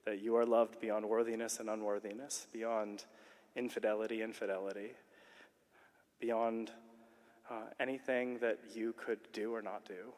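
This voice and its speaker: A man giving a sermon-like conference talk, earnest and animated as he tells a story. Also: lowish voice, normal speed. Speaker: conference speaker. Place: large conference hall. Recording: long reverb of a large hall.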